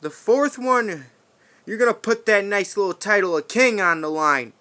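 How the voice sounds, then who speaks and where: A man cutting an in-character wrestling promo, taunting his rival with profane trash talk, swinging from shouts to hushed whispers. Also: high-pitched, animated, normal speed, clear, resonant tone.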